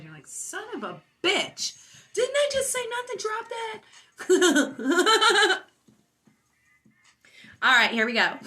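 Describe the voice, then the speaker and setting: A woman's voice: a little high, sharp tone. A stoned woman hosting a casual livestream, rambling, boastful and giggly. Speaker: livestream host.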